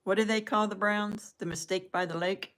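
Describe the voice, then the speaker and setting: A woman's voice: medium pitch, steady tone, moderate pace, a bit bright. An older woman rambling in casual chat with her viewers, laughing at her own jokes as she goes. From southern United States. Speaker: live-stream host chatting with viewers.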